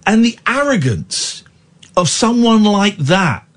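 A man's voice: sits high, sing-song, takes it slowly, a bit bright. A man hosting late-night talk radio, chatting with a caller and ranting indignantly about a spat online. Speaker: radio host.

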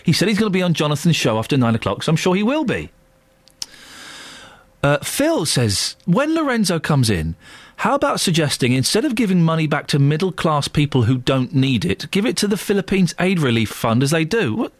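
Lively, ranting British radio host. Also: male voice, fairly high pitch, a little fast, dry recording. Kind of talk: casual radio chat, reading out texts. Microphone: studio mic.

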